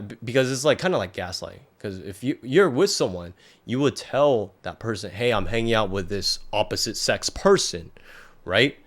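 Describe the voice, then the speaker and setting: A man's voice: fairly low pitch, animated, moderate pace. A young adult man, a podcast guest, telling a personal story in a rambling, casual way full of filler words and restarts.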